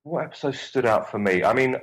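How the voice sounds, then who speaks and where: Chatting as an interview guest, this young actor with a Cockney accent rambles on and swears without restraint. He has a medium-pitched voice with lively intonation, talks a little fast, and the audio quality is rough.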